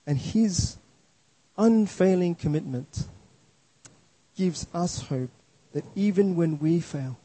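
A man preaching a sermon slowly and earnestly, often stumbling over and restarting his words. His voice sits somewhat high but sounds dark and husky. The sound is dry and close. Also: lively intonation, low-quality recording. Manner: earnest, emphatic, with repeated restarts.

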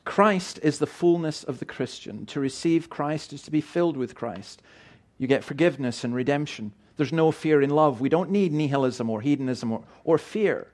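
Earnest middle-aged pastor preaching, slightly high voice. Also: male voice, darkish tone. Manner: earnest, emphatic, with frequent restarts and repeated words. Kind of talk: sermon.

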